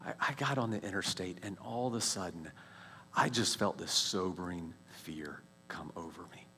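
A man in his forties sharing a personal faith testimony as a story, animated, with many restarts and quiet, hushed stretches at tense moments. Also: low voice, normal speed, slight background noise.

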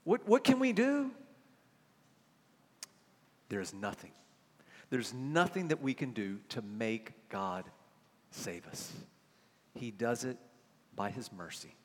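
Animated preacher in a reverberant hall. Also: male voice, medium pitch, slow pace, pauses often. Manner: animated storytelling, acts out little dialogues, drops to soft hushed tones for emphasis. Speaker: pastor. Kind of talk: sermon. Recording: long reverb of a church hall.

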